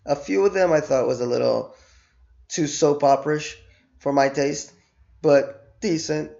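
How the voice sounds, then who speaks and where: A man's voice: fairly high pitch, a little slow, creaky, dull audio. A man giving a casual, emphatic spoken review while losing his voice after being sick. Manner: animated, emphatic, repeats words for stress. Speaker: show reviewer.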